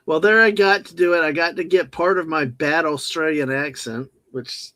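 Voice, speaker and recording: A jokey man co-hosting a livestream from home, rambling along and reading chat aloud. His voice sits a little high for a man, and the sound is dry and close, with no room around it. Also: steady tone, normal speed, bright, forceful tone, no room sound. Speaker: livestream co-host.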